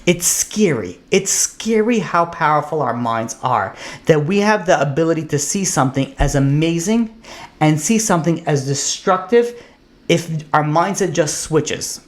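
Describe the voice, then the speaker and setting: A man's voice: fairly high pitch, lively intonation, measured pace. A man teaching a casual Torah class as a rabbi, talking in a loose, conversational way with lots of fillers and restarts, and getting emphatic on his questions.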